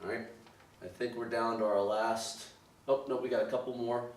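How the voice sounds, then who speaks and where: Speaking at a normal speed with fairly even intonation, a man with a medium-pitched voice teaches math while sitting far from the mic. Problems get worked through stepwise, punctuated by frequent "okay" and "all right" checks in this recorded walkthrough. Expect an echoey room, an off-mic voice, and noticeable background noise.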